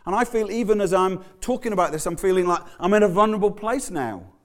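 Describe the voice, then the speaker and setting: Male pastor, conversational sermon delivery, animated and halting, mid-high voice. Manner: conversational, animated, stammering restarts.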